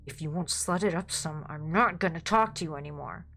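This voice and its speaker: Woman reading as creepy old gravedigger guy, paranoid, goes all hushed and worried, low-ish voice. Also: brisk. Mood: sulky. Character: old gravedigger father-in-law, a man, lecherous and paranoid.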